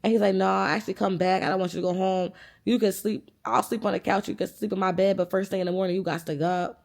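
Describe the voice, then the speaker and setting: A young woman in her twenties talks straight to her camera in a loose storytime vlog. She is animated and profane, acting out both sides of the quoted dialogue. Her voice carries a gravelly vocal fry at a middle pitch. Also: fast talker. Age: 20s. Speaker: vlogger. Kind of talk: casual storytime chat.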